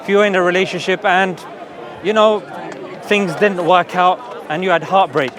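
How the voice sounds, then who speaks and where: A crowd murmurs in a public park as a street preacher debates in the open air, making his case for his faith with earnest persuasion and frequent quick "yeah?" check-ins. He has a fairly high male voice and keeps his intonation fairly even.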